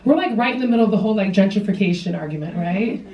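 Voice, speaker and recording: A woman's voice: mid-range voice, animated, rapid-fire, dull audio. Chatty woman hosting a comedy show. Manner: chatty, self-mocking, playful. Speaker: stand-up comedy host. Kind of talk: stand-up comedy set. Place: theater stage with live audience. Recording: roomy theater sound from a distance, loud audience.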